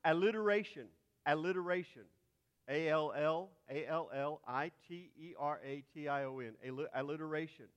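A man's voice: on the high side, moderate pace, smooth, muffled recording. A man with a Texas accent teaching a Bible class, spelling out terms letter by letter as he lectures. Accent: Texan. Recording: long hall reverb.

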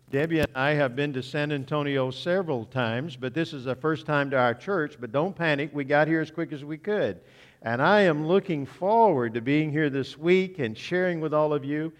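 A man's voice: a little high, in a large hall. Older man preaching with a folksy humor. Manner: folksy, joking storyteller. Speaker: guest preacher. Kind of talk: sermon. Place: church sanctuary.

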